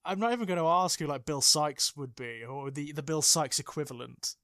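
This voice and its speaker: A man's voice: fairly high pitch, fairly quick, sharp tone, no room sound. Dry-voiced man, wry asides. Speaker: podcast co-host. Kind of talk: casual chat.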